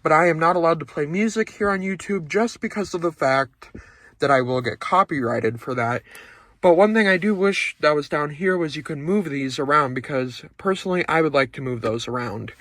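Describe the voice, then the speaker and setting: A man's voice: a little high, expressive, normal speed, fairly bright tone, no room sound. A man giving a casual, upbeat walkaround review of a car, pointing things out as he talks from inside the cabin.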